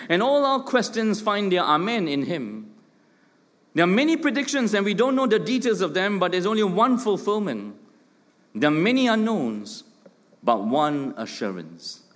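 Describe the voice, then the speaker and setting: A middle-aged man, preaching a sermon with emphatic points, rhetorical questions and joking asides. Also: fairly high pitch. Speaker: pastor. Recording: long hall reverb.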